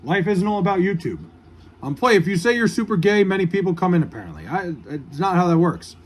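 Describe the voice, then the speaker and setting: A man's voice: high-pitched, big pitch swings, fairly quick. A man running a casual live stream, reading viewers' comments aloud and answering with profane, self-mocking banter. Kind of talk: casual livestream chat.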